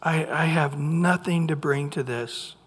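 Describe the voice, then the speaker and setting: A preacher voicing a weary old shepherd, husky and hushed. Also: medium pitch, a little slow, voice pushed down. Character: weary eighty-year-old male shepherd, humble and self-doubting. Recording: long hall reverb.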